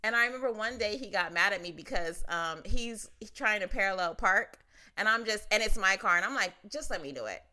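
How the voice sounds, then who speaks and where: A woman's voice: medium pitch, brisk. A young woman from Long Beach, California, co-hosting a podcast and telling stories in casual, profane chat, often laughing. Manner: animated, profane, laughing storyteller. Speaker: podcast co-host.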